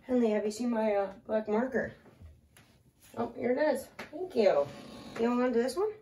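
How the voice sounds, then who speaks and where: A woman's voice: on the high side, expressive, moderate pace, warm tone, recorded from a distance, slight background noise. Slightly breathless woman teaching math, echoey room. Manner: talks through steps aloud, chatting to a small child she holds. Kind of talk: casual math lesson at a whiteboard.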